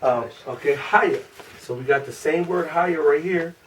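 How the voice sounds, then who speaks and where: A man with a Chicago accent teaching a small group class, asking questions and slowly repeating syllables. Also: fairly high pitch. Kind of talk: informal group language lesson. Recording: distant room mic with faint noise.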